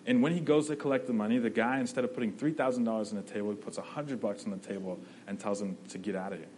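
A man's voice: fairly low pitch, steady tone, fast, a little mellow, slight background noise, rough recording. Conversational male preacher, often asks "right?". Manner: conversational, often asks 'right?', restarts phrases. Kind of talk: sermon.

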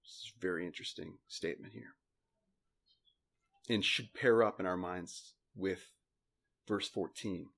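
A male pastor delivering a sermon from the pulpit. He reads scripture slowly and with weight, pressing on key words, and speaks with earnest, moved feeling. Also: deep voice, a bit bright.

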